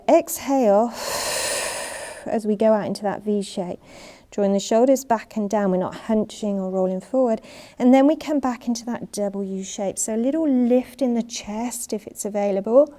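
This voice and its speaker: A woman with a mellow, softly rounded voice leads an online Pilates session, calling out breaths and counting down reps. She moves along with the class and sounds a little winded. Her cues stay calm and steady, sometimes dropping to a breathy near-whisper. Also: mid-range voice. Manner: calm cueing, counting reps, breathy asides while exercising. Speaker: Pilates instructor. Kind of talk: online exercise class instruction. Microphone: worn mic.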